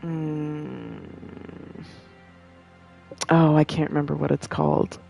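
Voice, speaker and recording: A woman's voice: sits low, slow pace, creaky, dark tone, faint music behind, poor audio. A young woman rambling in casual chat, laughing often and swearing freely.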